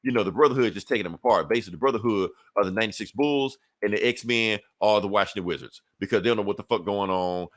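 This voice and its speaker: Man, low voice, casual profane comic recap, laughing asides. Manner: profane, laughing retelling with quick character asides. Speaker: podcast co-host.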